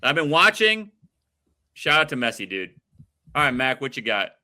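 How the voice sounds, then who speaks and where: A man's voice: medium pitch, very animated, moderate pace, pushed and bright. A man hosting a casual sports talk show, moving the chat along between his co-hosts. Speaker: podcast host.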